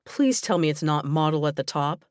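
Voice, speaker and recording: A woman's voice: deep voice, animated, normal speed, darkish tone, dry recording, clean studio sound. Woman voicing a teasing teenage boy. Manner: teasing, wisecracking.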